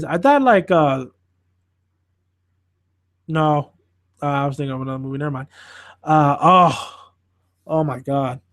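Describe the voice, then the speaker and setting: A man with a fairly high voice hosts a podcast in a loose, rambling chat that is full of swearing. His talk is excitable, and his voice sounds dry and close, with no room echo. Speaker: podcast host reviewing films. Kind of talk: casual chat.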